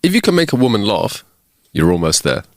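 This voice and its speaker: A man co-hosting a comedy podcast, telling jokes with unhurried setups. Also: lowish voice, very animated, no room sound, clean studio sound. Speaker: podcast co-host. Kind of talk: casual chat, telling jokes.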